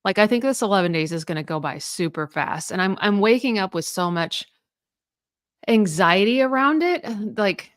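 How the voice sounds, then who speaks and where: A woman in her thirties co-hosts a podcast, chatting casually and rambling with plenty of fillers and restarts. Her medium-pitched voice has lively intonation and a moderate pace, recorded dry with clean studio sound.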